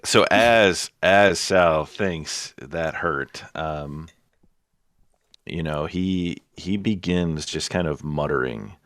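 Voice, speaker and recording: Very deep-voiced, slow-talking man. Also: fairly bright tone, dry recording, clean studio sound. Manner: hesitant, with many fillers. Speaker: player. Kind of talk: casual tabletop game play.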